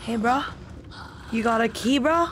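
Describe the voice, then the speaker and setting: A woman's voice: on the high side, a little slow, noisy background. A young woman streamer giving casual, jokey commentary while playing a horror game, often shrieking and taunting the enemies. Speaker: gaming streamer. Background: game music.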